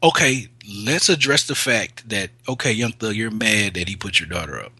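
A man's voice: fairly low pitch, animated, normal speed, pushed and bright, breathy edge, dry recording. A man in casual podcast banter, loose and profane, laughing often and getting riled up. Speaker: co-host.

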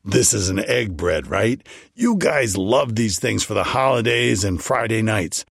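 Man doing a chatty eager baker, slow, husky, lively pitch. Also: no room sound, studio quality, heavily acted.

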